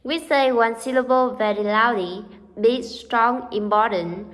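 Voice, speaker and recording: Young woman, student presenter, slow careful read, hall reverb. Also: fairly high pitch, a bit bright. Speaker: student group leader presenting. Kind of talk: read-aloud class presentation.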